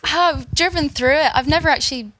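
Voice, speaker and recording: A woman's voice: high-pitched, brisk, a bit bright. A woman with a Donegal Irish accent, a guest musician chatting casually, modest and a bit hesitant. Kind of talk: casual chat.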